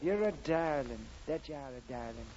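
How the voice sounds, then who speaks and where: A man's voice: fairly high pitch, animated, moderate pace, darkish tone, close to an everyday voice. An actor playing a hearty, chuckling Irish policeman turned setter dog, with a put-on Irish brogue, in 1940s radio comedy. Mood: flirty. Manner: hearty, chuckling, flirtatious blarney. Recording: noisy, muffled 1940s radio recording.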